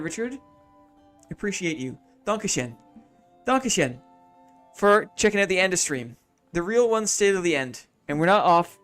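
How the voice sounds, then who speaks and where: Over faint music, a man streaming a city-building game thinks aloud in casual live commentary, repeating his own phrases and chatting with viewers between moves. His voice is on the high side with a fairly bright tone.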